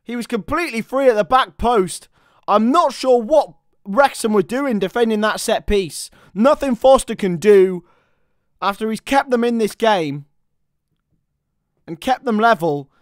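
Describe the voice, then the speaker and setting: A man giving live football commentary, chatty with listeners and bursting into shouts at chances and goals. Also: high voice, animated, unhurried, dry recording, studio quality.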